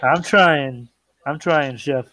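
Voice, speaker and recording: A man's voice: fairly high pitch, slow, sharp tone. A man co-hosting a pop culture podcast, chatting casually, plugging the show's channels and joking around. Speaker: podcast co-host. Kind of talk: casual chat.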